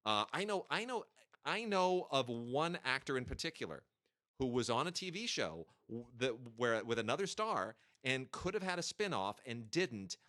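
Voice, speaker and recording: Podcast guy with a bright voice, really into telling the story. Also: medium pitch, very animated, normal speed. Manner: storytelling, emphatic. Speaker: podcast co-host. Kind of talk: casual chat.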